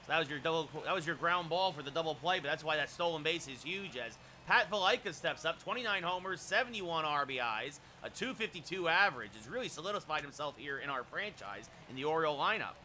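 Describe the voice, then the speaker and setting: A man streaming a baseball video game, calling the plays like a broadcaster and chatting with viewers between pitches. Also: animated, fast talker, few pauses, slight background noise. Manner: erupts into shouted home-run calls. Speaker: streamer doing play-by-play. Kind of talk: live-stream game commentary.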